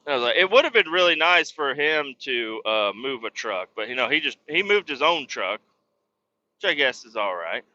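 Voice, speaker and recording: A man's voice: mid-range voice, big pitch swings, normal speed, sharp tone, muffled recording. A man, a truck driver, hosting a podcast and telling a rambling story in casual, profane talk, raising his voice when he quotes people.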